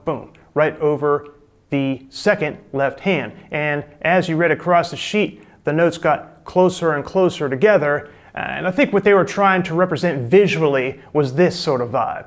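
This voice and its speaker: A man's voice: on the high side, moderate pace. A middle-aged man giving a casual, chatty drum lesson, explaining and demonstrating technique. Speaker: drum teacher.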